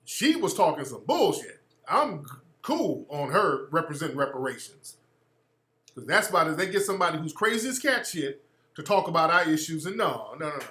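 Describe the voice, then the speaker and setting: A man's voice: a little high, a little fast, reverberant. A man hosting a radio show, delivering a blunt, profane political commentary monologue. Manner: blunt, profane, animated ranting.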